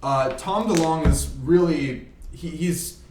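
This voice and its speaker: A man's voice: fairly high pitch, slow pace, a little mellow, slight background noise. A young man co-hosting a casual podcast chat, rambling through stories with fillers and restarts. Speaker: podcast co-host. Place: room shared by a group of friends. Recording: echoey room.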